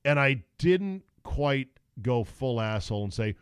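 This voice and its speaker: A man's voice: medium pitch, measured pace, hardly any pauses, clear, resonant tone, no echo, clean studio sound. A middle-aged man hosting a podcast, telling stories in a casual, sarcastic way. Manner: animated storyteller, sarcastic. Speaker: podcast host. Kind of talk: casual chat.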